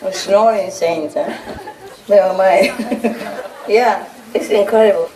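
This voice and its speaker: A woman teacher speaks slowly at medium pitch to a gathering of disciples, chatting, teasing and laughing as she shares anecdotes. The background is noisy, with a large audience laughing, heard from a distance in an echoey room.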